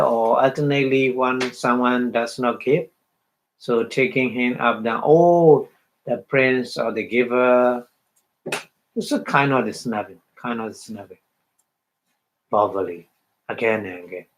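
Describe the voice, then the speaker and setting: A male Buddhist meditation teacher gives an unhurried dharma lecture. His voice sits in a middle pitch and moves at a slow pace. He halts, repeats words and pauses to ask his listeners if they follow. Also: poor audio. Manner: halting, repeats phrases, checks in with "huh?".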